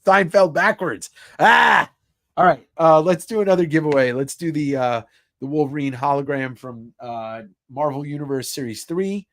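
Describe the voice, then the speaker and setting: A man's voice: medium pitch, normal speed, darkish tone, no echo. Profane, jokey male livestream host. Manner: jokey, swears freely, reacts to chat comments, laughs often. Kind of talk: casual live-stream chat.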